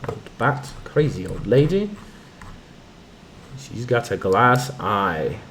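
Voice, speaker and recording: A male game streamer with a voice on the low side, expressive and a bit bright, speaks slowly through casual let's-play commentary. He reads the on-screen text aloud with muttered asides, over game music and a little hiss or hum.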